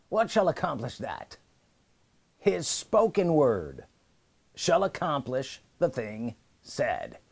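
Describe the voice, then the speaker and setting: Slow, emphatic preacher man, higher voice. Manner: repeats key phrases, calls for congregation to say them back; emphatic, slow and deliberate with pauses between words. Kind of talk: sermon.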